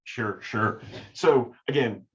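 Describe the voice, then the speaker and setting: A man's voice: medium pitch, slow pace. A man, a sales professor, telling classroom stories in a conversational interview and acting out his students' voices. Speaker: sales professor and podcast guest. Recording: dull, lo-fi audio.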